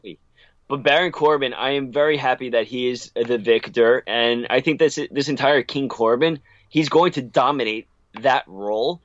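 A man's voice: medium pitch, normal speed, fairly bright tone, no echo, highs cut off. A man co-hosting a podcast, giving long opinionated takes on wrestling in a casual, rambling way. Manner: opinionated, rambling, restarts often. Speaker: podcast co-host.

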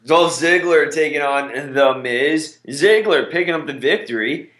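A man's voice: fairly high pitch, unhurried, fairly bright tone, roomy sound. A man co-hosting a podcast, recapping wrestling in casual chat with a laid-back, rambling way of talking. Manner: laid-back, trails off with fillers. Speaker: podcast co-host.

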